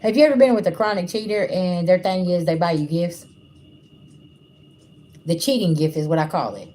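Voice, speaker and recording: A woman's voice: on the low side, normal speed, warm tone, a little hiss or hum. Blunt, casual woman spiritual reader. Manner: casual, blunt, addresses viewers as y'all. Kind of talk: livestream tarot-style reading.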